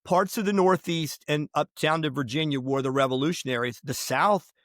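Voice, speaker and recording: A man's voice: on the high side, normal speed, a bit bright, dry recording, studio quality. A man speaking as a podcast guest, telling history stories and giving emphatic opinions in a conversational interview. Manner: emphatic, opinionated, digressive with restarts.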